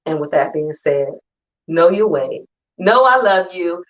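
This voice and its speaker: Speaking to an online audience, a woman conference speaker keeps her motivational talk conversational and emphatic, acting out friends in brief asides. Her mid-range voice is expressive and fairly bright, though the sound is lo-fi.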